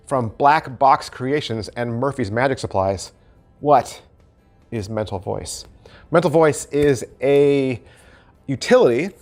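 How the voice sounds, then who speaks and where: A middle-aged man hosting a channel, giving a casual, animated review of a magic trick and repeating phrases for emphasis. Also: medium pitch. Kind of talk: casual product review to camera.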